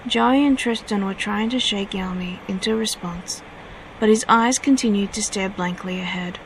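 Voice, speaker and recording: A woman's voice: mid-range voice, normal speed, a little hiss or hum, low-quality recording. Woman reading her fanfiction aloud. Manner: steady reading with small self-corrections.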